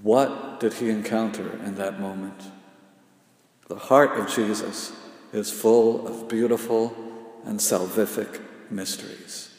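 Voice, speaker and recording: A man delivers a sermon in an unhurried, measured rhythm, his low voice rough with gravel. He builds phrase on phrase with long pauses and often sinks to a hushed, intense murmur. The words ring out through a large hall with a long, trailing reverb. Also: fairly even intonation. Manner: slow, repetitive cadence with dramatic pauses, often dropping to a hushed intensity. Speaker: preacher.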